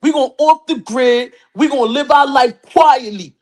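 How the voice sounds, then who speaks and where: Woman doing a gruff Brooklyn tough guy. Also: sits high, measured pace, a little mellow. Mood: fed up. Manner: gruff street slang, heated, repeats himself. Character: brash adult man, Brooklyn tough talker.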